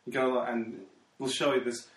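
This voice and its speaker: A man's voice: mid-range voice, little pitch movement, moderate pace, recorded from a distance. A man chatting in a laid-back, giggly way during casual comedic banter. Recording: echoey room.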